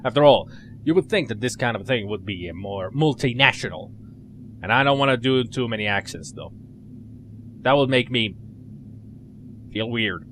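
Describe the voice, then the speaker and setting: A man's voice: medium pitch, lively intonation, normal speed, pauses often, a bit bright, slight background noise. A man giving chatty, joking let's play commentary as he plays a game. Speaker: gamer commentator.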